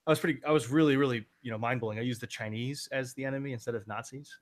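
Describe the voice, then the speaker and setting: A man's voice: medium pitch, steady tone, rapid-fire, a crowd in the background. Man, author-composer guest, casual and enthusiastic, mid-range voice, conversational. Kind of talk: casual interview chat.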